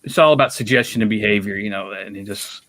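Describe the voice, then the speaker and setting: A man's voice: on the low side, fast, fairly bright tone, no room sound. A chatty man from Kentucky hosts a casual filmmaking interview and laughs easily. His voice sounds close and dry, with no room around it.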